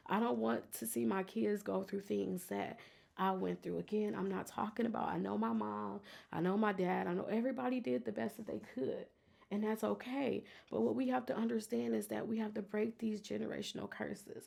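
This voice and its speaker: A woman speaks on her own faith podcast, testifying in an earnest, emotional way. Her voice carries a strong, constant gravelly fry at a middle pitch. She talks like she is sharing her life with her listeners. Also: warm tone. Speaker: podcast host. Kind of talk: personal faith podcast talk.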